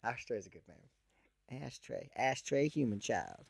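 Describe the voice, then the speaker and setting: A young man chats loosely as co-host of a podcast, drifting from thought to thought and laughing often. His voice sits at an ordinary middle pitch. The sound is dry and close. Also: lively intonation, unhurried, gravelly, husky, dry recording. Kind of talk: casual chat.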